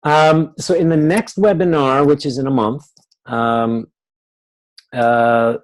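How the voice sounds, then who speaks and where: A man's voice: medium pitch, steady tone, takes it slowly, rough recording. A man leading a live webinar, explaining ideas and acting out what clients say in quoted voices. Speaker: webinar teacher.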